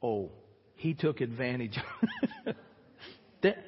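A pastor preaching a sermon in a church sanctuary, talking conversationally and repeating words for emphasis. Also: male voice, medium pitch, lively intonation, slow, slight background noise. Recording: dull church recording with long reverb.

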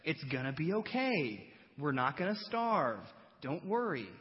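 Exasperated teacher figure pleading with students who won't catch on, pitched high and swinging wildly, a preacher putting him on, long hall reverb, dull sound. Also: male voice, sing-song, measured pace. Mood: reassuring. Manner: pleading, incredulous, stressing each question.

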